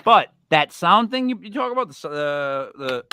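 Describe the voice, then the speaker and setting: A man hosting a casual paranormal talk show, joking and telling stories with animated delivery. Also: a little high, normal speed, clean tone. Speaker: podcast host. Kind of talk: casual chat.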